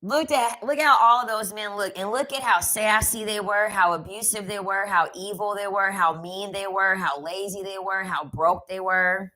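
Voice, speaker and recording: A woman's voice: medium pitch, normal speed, hardly any pauses, sharp tone, rough recording. A woman giving a casual commentary rant, sassy and emphatic, often repeating her lines for effect. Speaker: commentary vlogger.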